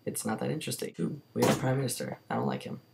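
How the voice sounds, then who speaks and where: A man's voice: medium pitch, very animated, very fast, creaky, noisy background. A young man from Canada, chatting casually to his camera at home, rambling and joking with lots of filler words. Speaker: vlogger. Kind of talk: casual vlog chat to camera. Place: bedroom.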